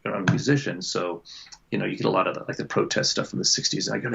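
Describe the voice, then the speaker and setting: A man chatting casually on a video call as a book club guest, rambling and restarting his sentences with quick laughs. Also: medium pitch, creaky, fairly bright tone, slightly rough. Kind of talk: casual chat. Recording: dull lo-fi call audio.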